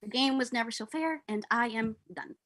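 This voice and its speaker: A young woman reading the part of Romeo, a lovesick, gloomy young man, in an unrehearsed livestreamed Shakespeare reading, with slow and weighty delivery. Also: on the high side, a bit bright, low-quality recording. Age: young adult. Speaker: volunteer reader.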